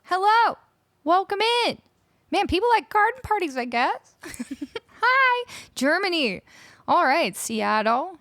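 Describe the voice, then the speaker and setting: A woman's voice: extremely high pitch, sing-song, takes it slowly, pauses often, a bit bright, dry recording, studio quality. A woman from Canada chatting casually on a live music stream, greeting viewers and reading out their chat messages. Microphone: studio microphone.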